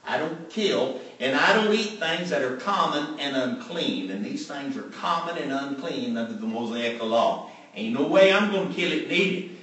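Peter, apostle, man, blunt and dismissive, folksy refusal, booming echo, distant mic, as a preacher puts him on. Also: lively intonation, normal speed, fairly bright tone. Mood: stubborn refusal. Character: stubborn male apostle refusing unclean food.

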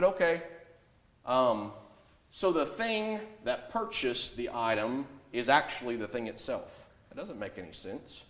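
A man preaching a sermon, emphatic, rising on key points and dropping low on asides. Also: very animated, unhurried, fairly bright tone. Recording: echoey room.

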